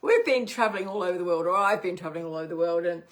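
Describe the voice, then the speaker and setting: A woman's voice: on the low side, very fast. A woman co-hosting a casual travel chat, teasing her friend and laughing often. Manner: giggly, teasing. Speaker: co-host.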